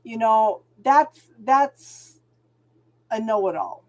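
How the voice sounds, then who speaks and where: A woman's voice: fairly high pitch, lively intonation, drawn-out words, lo-fi sound. A middle-aged woman hosting a spiritual channel, chatting casually on a livestream and talking to viewers by name.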